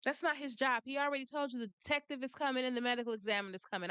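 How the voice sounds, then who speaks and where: A woman's voice: high voice, steady tone, rapid-fire, hardly any pauses, sharp tone, clear, resonant tone, dry recording. A woman giving blunt, sassy commentary on a trial, laughing often. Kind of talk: casual commentary.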